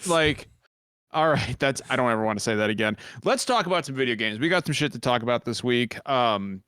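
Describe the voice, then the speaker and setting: A man's voice: medium pitch, lively intonation, a little fast, fairly bright tone, smooth, dry recording, studio quality. A man co-hosting a casual gaming podcast, exasperated and swearing, speaking to viewers. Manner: exasperated, swearing, talks to chat. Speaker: podcast co-host. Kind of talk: casual chat among friends.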